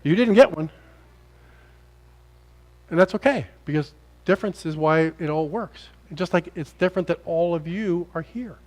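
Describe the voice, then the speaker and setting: An American man preaching a lively sermon as pastor in a church, joking with the congregation and acting out little scenes. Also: fairly high pitch, moderate pace. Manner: animated, acts out characters, jokes with congregation. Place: church sanctuary.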